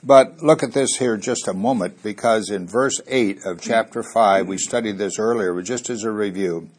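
A man's voice: on the low side, moderate pace, few pauses, slightly rough. A middle-aged man from Missouri, a pastor teaching a Bible study, reading verses aloud with rising emphasis and asking the room questions. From Missouri, USA.

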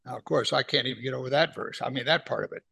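Medium in pitch, husky, pushed and bright with vocal fry, this middle-aged man's voice carries a verse-by-verse Bible lesson. He speaks conversationally, poses rhetorical questions, and slows considerably whenever reading scripture.

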